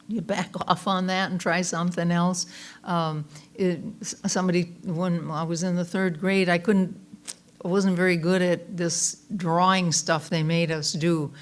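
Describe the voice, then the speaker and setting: A woman reverend giving a Sunday talk sermon, telling folksy personal anecdotes in a chatty way with frequent fillers and restarts. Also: on the low side.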